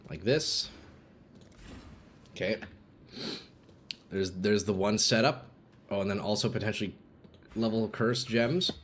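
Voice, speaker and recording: A man streams a game live from his home gaming setup on a desk microphone, talking casually with viewers, reading their messages aloud, and erupting in sudden hype. His fairly bright, lowish voice is unhurried with long pauses, and there's slight background noise.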